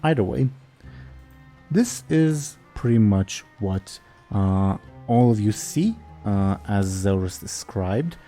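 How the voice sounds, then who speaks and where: A man's voice: lowish voice, animated, slow pace, mellow, soft background music. A young man running a tabletop game as game master, rambling with hesitant fillers.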